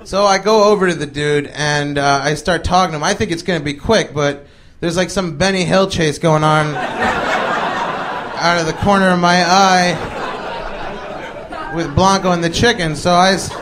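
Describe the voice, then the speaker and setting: A man's voice: on the high side, steady tone, moderate pace. Chatty male comedian telling a story. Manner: chatty, laughing, many fillers. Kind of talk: stand-up storytelling. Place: stage before a live audience. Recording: live recording with audience noise.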